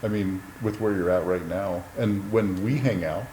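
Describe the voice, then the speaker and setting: A man in his fifties hosting a podcast, friendly and quick to laugh in casual chat. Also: low voice. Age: 50s. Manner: warm, friendly, laughs often. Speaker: podcast host. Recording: roomy sound with faint noise.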